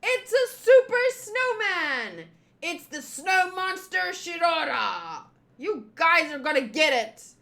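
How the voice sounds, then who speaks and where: A woman voicing a boastful young man in a loud, showy way while reading a comic aloud. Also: a little high, big pitch swings, slow.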